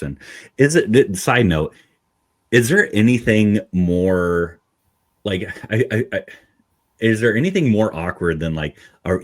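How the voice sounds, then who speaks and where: Low-pitched man, podcast co-host, motivational, repeats for punch. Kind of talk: casual podcast chat.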